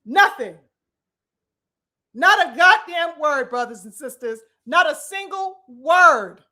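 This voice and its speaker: A woman giving animated, profane live-stream commentary on boxing. She talks straight to her viewers and calls them brothers and sisters. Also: high voice, takes it slowly.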